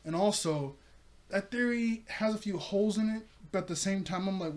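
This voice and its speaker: A man's voice: sits high, moderate pace, a little mellow. A young man casually recapping and reviewing a cartoon episode, chatty, laughing often and acting out quoted lines.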